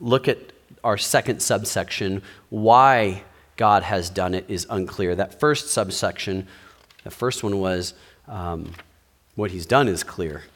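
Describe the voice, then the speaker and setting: A man's voice: low voice, slow pace, fairly bright tone. A pastor giving a sermon, speaking in a conversational way and asking his listeners rhetorical questions.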